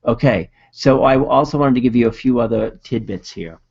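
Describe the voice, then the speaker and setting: A man's voice: mid-range voice, moderate pace, gravelly, darkish tone, slightly rough, muffled recording. A man with a Boston accent presenting a video marketing webinar in a casual, upbeat coaching manner.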